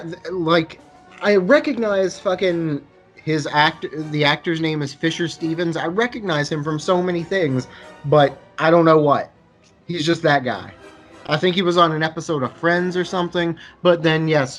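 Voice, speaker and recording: Easygoing, hesitant man, slightly high voice. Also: moderate pace, a bit bright, soft background music. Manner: easygoing, hesitant with fillers like 'uh' and 'like'. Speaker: podcast co-host. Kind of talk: casual movie review banter over beers.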